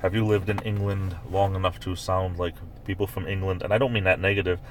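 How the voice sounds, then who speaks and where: His low voice barely moves in pitch, and he keeps a brisk pace against slight background noise. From his parked car, the Northeastern US man with a near-New York accent rambles through a casual live stream, reading viewer comments out loud.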